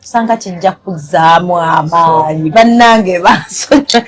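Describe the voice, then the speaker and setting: A woman talks casually with a slightly low voice. She switches freely between English and Luganda. She teases, then turns apologetic. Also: lively intonation, brisk, crowd noise. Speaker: host. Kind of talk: casual chat.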